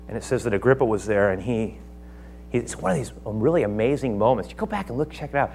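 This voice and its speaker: A man preaches in a lively, theatrical way, acting out the voices of the speakers in his text. He swings from quiet, hushed lines to loud outbursts. A faint hum runs underneath. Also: mid-range voice, fast. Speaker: pastor. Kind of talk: sermon.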